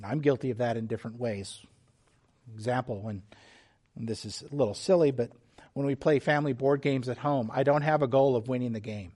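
A man preaching a sermon as pastor, earnest and measured, with restarts and small asides. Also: medium pitch, mellow.

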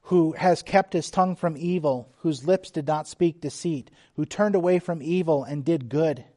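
A middle-aged man preaching a sermon, slow and emphatic, dropping suddenly to quiet, hushed lines. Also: a little high. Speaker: pastor.

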